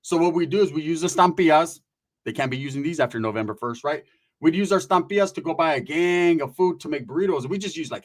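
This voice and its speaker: A man telling a comic story in a loose, profane way, tossing in "right?" again and again. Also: a little high.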